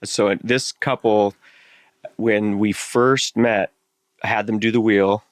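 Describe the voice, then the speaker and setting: A man who is a relationship coach, telling client stories as a guest on a podcast and often chiming in with quick agreement. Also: on the low side, steady tone, dry recording, studio quality. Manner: storytelling, quick agreeing interjections. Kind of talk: casual podcast conversation.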